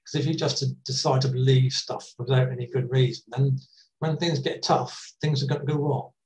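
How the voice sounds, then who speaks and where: A man preaching a sermon in a conversational, gently humorous way, with pauses and restarts. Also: medium pitch, fairly even intonation, distant mic, low-quality recording.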